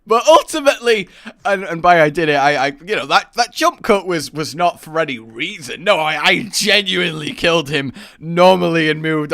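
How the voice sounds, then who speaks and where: A young man rambling through casual gameplay commentary, self-mocking and breaking into loud laughing shouts. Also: fairly high pitch, no echo. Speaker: gaming YouTuber.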